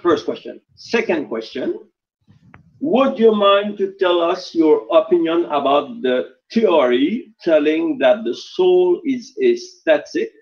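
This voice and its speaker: A man's voice: on the high side, animated, highs cut off. A man from Quebec with a Quebec French accent, a native French speaker, asking questions carefully as a caller. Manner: careful, deliberate phrasing.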